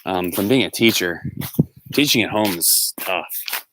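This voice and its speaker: A man's voice: low voice, animated, unhurried, background noise. A man, a teacher, live-streaming from a walk in the woods on his phone, chatting casually and rambling as he reads out viewer comments. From Pennsylvania. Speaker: teacher and vlogger. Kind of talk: live-stream walking vlog. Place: outdoors, walking in the woods.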